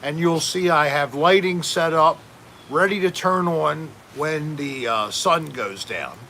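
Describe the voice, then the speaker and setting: A man's voice: on the high side, a little slow, sharp tone, slight background noise. A man hosting a casual home livestream, rambling and joking while reading out chat names. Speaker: livestream host.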